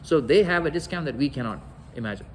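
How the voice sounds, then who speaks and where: A man's voice: a little high, expressive, quick pace, a little hiss or hum, poor audio. A man giving a religious lecture, telling stories and acting out the quoted dialogue. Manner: storytelling, acts out quoted dialogue.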